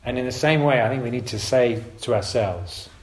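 A man's voice: medium pitch, normal speed. A man giving an informal sermon to his congregation, talking in a conversational, emphatic way and often correcting himself. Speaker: preacher. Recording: roomy echo.

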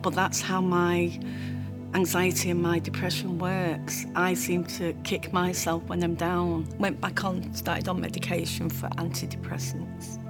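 Tearful woman over soft music. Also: fairly low pitch, level tone. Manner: emotional, tearful, halting. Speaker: interviewee sharing her story. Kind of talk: personal testimony.

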